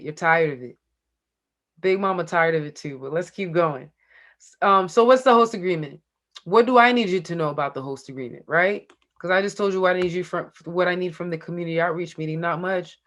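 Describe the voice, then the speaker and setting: A woman teaching a law class in a casual, joking way, talking straight to her students. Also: on the low side. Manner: joking, chatty, addresses the class directly. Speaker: law course instructor.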